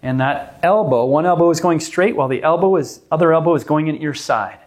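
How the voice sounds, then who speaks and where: A man calmly leading a stretching class, guiding the moves step by step and explaining why each one helps. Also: fairly high pitch, brisk. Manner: calm, gently coaching, explains the reasons for each move. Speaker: movement class instructor. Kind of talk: guided exercise class instruction.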